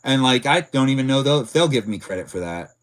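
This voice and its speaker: A man's voice: medium pitch, expressive, fast talker. A man hosting a casual livestream, rambling with lots of filler words and answering chat messages. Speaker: livestream host.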